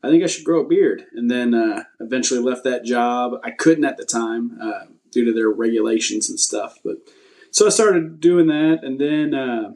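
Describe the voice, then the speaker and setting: A man being interviewed as a podcast guest, laid-back and self-deprecating, pausing often with fillers. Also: medium pitch, creaky, darkish tone. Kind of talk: casual interview chat.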